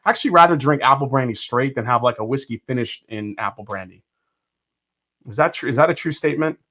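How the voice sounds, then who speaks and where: A middle-aged man hosting a casual whiskey livestream, rambling with lots of fillers and restarts, greeting the chat loudly and cheerfully. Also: mid-range voice, quick pace. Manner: loud upbeat greetings to the chat. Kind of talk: casual live-stream chat.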